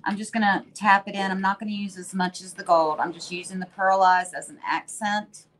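Hosting a live furniture-painting stream, a woman chats casually and thinks out loud while she works, narrating her demo. Her mid-range voice is steady, a little fast and slightly bright.

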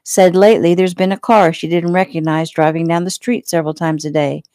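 A jealous, bullying small-town male cop who barks his questions loud and pushy, as a woman puts him on. The voice keeps a mellow, darker color. The sound is close and dry. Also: fairly high pitch, little pitch movement, a little fast, no echo, lightly acted. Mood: defensive.

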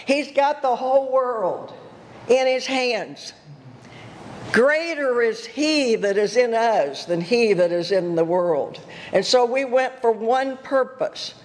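An older woman giving a sermon as a guest speaker, telling stories earnestly and emphatically with chuckling asides. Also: mid-range voice. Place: church. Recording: reverberant church hall.

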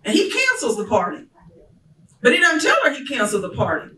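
A woman minister preaching a sermon, telling a story casually and then rising to fervent, shouted preaching. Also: fairly high pitch, wildly swooping pitch, fairly quick, slight background noise. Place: church sanctuary. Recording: echoey church from a distant mic.

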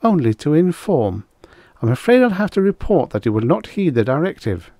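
A man's voice: medium pitch, big pitch swings, normal speed, a little mellow, dry recording, studio quality, voice pushed up, lightly acted. A man voicing a prim, severe middle-aged female schoolteacher who speaks icily and precisely. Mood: icy, prim.

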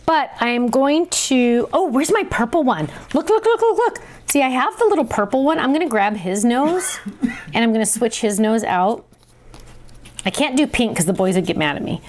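A middle-aged woman hosting a craft tutorial, chatty and excitable, talking to herself as she works. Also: fairly high pitch, moderate pace, slight background noise. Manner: chatty and excitable, talks to herself while working. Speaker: crafting show host.

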